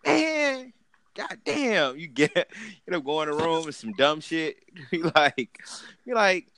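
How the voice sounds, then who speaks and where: A man co-hosting a casual comedy chat, loud and laughing, acting out quotes in high voices. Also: very animated, slow pace, noisy background. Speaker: podcast co-host.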